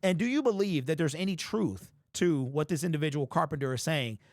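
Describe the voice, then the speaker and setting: Man, sports commentary host, casual monologue, repeats himself, fairly high voice, dry close recording. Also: brisk, no echo. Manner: animated, repetitive, talks directly to viewers.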